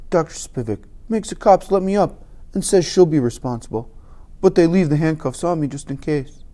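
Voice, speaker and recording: Audiobook reader, first-person narration, emphatic and lively, mellow tone. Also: mid-range voice, moderate pace. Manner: animated, emphatic storytelling.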